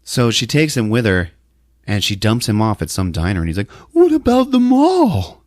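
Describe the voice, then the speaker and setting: A man hosting a podcast, recapping a film in a jokey, animated storytelling manner. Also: fairly low pitch, brisk, no echo, studio quality. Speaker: podcast host. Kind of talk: casual movie recap.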